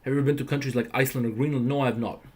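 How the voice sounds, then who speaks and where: A man's voice: medium pitch, fairly even intonation, very fast, darkish tone. A man from the Balkans hosting a livestream, answering viewer questions in a blunt, profane, emphatic rant. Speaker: livestream host.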